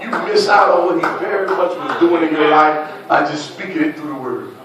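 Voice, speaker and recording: A man preaching a lively sermon as pastor, calling out to the congregation and laughing between points. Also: fairly high pitch, brisk, heavy reverb, far from the mic, crowd noise, low-quality recording. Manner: preaching with call-and-response and laughter.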